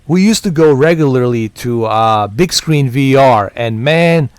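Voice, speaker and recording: Man, casual rambling chat, stammers and repeats, dry close sound, mid pitch. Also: expressive, measured pace, clean tone, no echo. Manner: rambling, repeats words, laughs a lot. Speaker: gamer.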